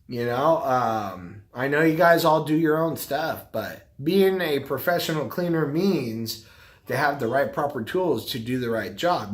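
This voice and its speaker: A man's voice: on the high side, fairly bright tone. A middle-aged man talking casually to the camera, rambling and repeating himself. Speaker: vlogger, carpet cleaner and business owner.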